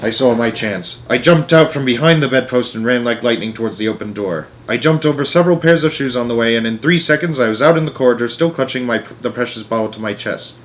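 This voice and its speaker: A man reading a children's novel aloud as a storyteller, with lively, dramatic delivery. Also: mid-range voice, fast talker, hardly any pauses, slight background noise.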